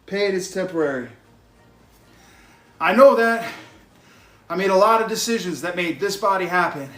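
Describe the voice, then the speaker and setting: Out-of-breath man, high voice, bright tone, worked up, echoey room at home. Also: expressive, normal speed, faint music behind. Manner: worked up, yelling at times. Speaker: fitness vlogger live streaming his workout. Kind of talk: live stream talk to chat while cycling. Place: indoors at home on exercise bike.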